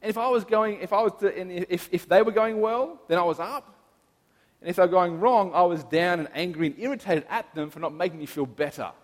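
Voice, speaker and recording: A man in his thirties, a pastor, giving a sermon in an earnest, personal, reflective way. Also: high voice. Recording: long reverb of a large hall.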